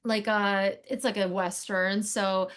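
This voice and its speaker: A woman's voice: medium pitch, little pitch movement, slow, a bit bright, clear, resonant tone. A woman guest on an interview podcast, a casting director, talking in a chatty, digressive way with lots of fillers. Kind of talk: casual interview conversation.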